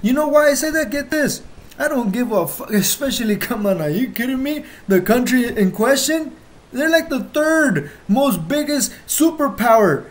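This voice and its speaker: High-pitched, heated, profane ranter. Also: animated. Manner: heated, profane, swings between loud outbursts and slow emphatic stresses. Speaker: channel host. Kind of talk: emotional monologue to viewers.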